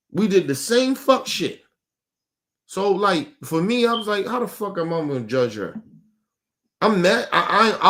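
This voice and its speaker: An older man, a podcast host, telling a rambling, profane story in casual chat, getting animated when he quotes himself. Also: high-pitched.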